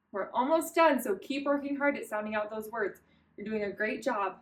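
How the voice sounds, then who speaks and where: A woman reading teacher giving a children's phonics lesson, sounding out words slowly and encouragingly. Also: on the high side.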